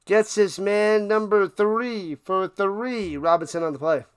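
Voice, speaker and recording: A man's voice: sits high, unhurried, smooth, no echo, clean studio sound. A man hosting a casual live stream, calling football play by play in a playful, hyped way while chatting with viewers. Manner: playful, hyped, talks to chat, sings and riffs.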